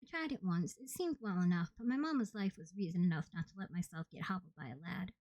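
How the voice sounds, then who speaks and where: A woman narrating an audiobook in the first person with steady, plain storytelling. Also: on the low side, quick pace, no echo, low-quality recording. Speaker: audiobook reader.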